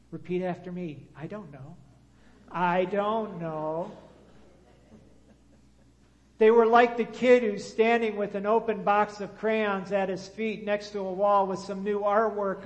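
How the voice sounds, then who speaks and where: A man's voice: sits high, fairly even intonation, moderate pace. A man preaching a sermon and drawing his congregation into call-and-response. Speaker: pastor. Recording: long hall reverb.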